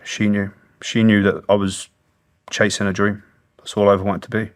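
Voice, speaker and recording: British man, 30s, interview guest; low voice, earnest and blunt, swears freely. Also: flat delivery, moderate pace. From Britain. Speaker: guest, former special forces soldier. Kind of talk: long-form interview storytelling.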